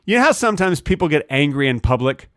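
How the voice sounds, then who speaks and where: A man's voice: fairly high pitch, very animated, quick pace, no echo, clean studio sound. A man co-hosting a casual comedy podcast over a video call, spinning absurd jokes with mock-serious confidence. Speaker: podcast co-host.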